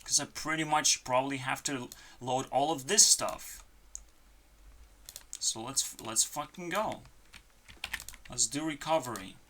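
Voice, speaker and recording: Sitting at a home computer desk, a channel host delivers a frustrated, swear-filled rant in a vlog, swinging between loud outbursts and quiet muttering. The voice is mid-range, with a little hiss or hum in the recording.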